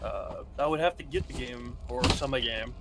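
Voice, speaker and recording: A man's voice: mid-range voice, normal speed, gravelly, heavy background noise. A man hosting a casual gaming stream, rambling and laughing often with friends. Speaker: streamer host.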